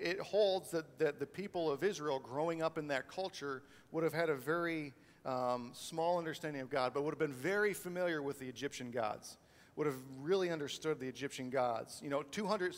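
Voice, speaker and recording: A man's voice: on the high side, in a large hall. A man preaching a sermon as a pastor, talking in a conversational way with many fillers and restarts. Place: church sanctuary.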